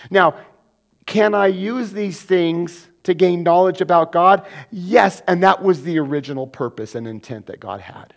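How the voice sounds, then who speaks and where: Man, pastor, sermon, slightly high voice, animated, loud bursts and hushed asides.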